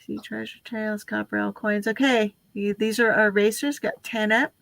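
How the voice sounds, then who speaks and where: A woman's voice: medium pitch, steady tone, normal speed, vocal fry, a bit bright, no room sound. A woman hosting a casual live stream, chatting with guests and running through lists of names. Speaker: livestream host.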